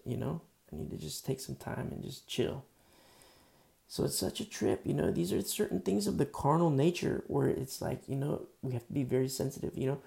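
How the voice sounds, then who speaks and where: A man's voice: medium pitch, expressive, moderate pace, vocal fry, mellow. A man preaching a conversational sermon in a casual, earnest way, full of fillers. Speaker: pastor.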